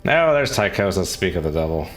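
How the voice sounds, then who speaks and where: Very deep-voiced male streamer. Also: brisk, faint music behind. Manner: chatty, reads and answers chat questions; relaxed, frequent chuckles. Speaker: game streamer. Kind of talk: casual live-stream commentary.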